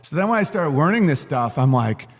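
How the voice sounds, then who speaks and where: A man's voice: on the high side, big pitch swings, fairly quick, big-room sound. A man, a comedian, chatting loosely on a podcast, rambling with lots of "like" fillers. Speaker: comedian guest. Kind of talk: casual podcast chat.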